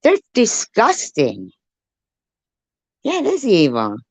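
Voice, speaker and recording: A woman's voice: a little high, huge pitch swings, slow, creaky, breathy edge, no room sound. A woman livestreaming a heated, profane rant, snapping back at people in her chat. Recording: dull lo-fi stream audio.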